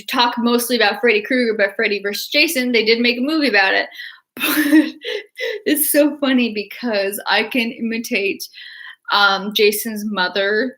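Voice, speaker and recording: A young woman chatting excitedly in a casual livestream, rambling with restarts and laughter. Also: fairly high pitch. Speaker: artist and horror-fan vlogger.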